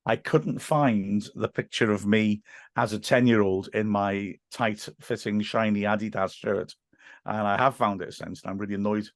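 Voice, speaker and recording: A man with a Welsh accent, a guest on a podcast, chatting casually and telling animated stories with frequent restarts. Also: lowish voice, normal speed, no room sound, studio quality. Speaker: podcast guest, football commentator. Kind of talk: casual chat.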